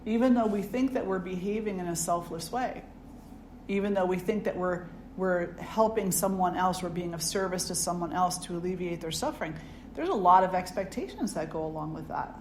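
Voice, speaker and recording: A woman spiritual teacher gives a satsang talk in a reflective, conversational way and turns often to the audience with questions. Her voice sits on the low side. The sound carries in a roomy hall with a faint background hum. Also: fairly quick, darkish tone.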